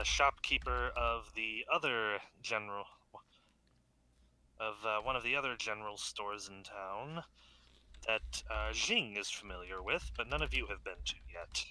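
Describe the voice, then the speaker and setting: A man narrating as game master over a video call, unhurried and halting with many fillers. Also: on the low side, sharp tone.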